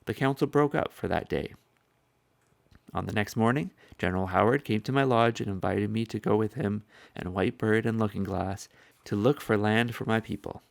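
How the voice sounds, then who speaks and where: A man narrating a historical first-person account in a measured, solemn way, with a gravelly voice. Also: fairly low pitch, dry recording. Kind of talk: solemn reading of a historical speech.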